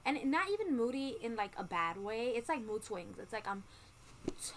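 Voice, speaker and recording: Very animated and slightly high-voiced, a woman talks at a moderate pace in a casual pregnancy update vlog. She's at home with a ceiling fan faintly humming, chatting candidly with frequent ums, likes, and the odd curse.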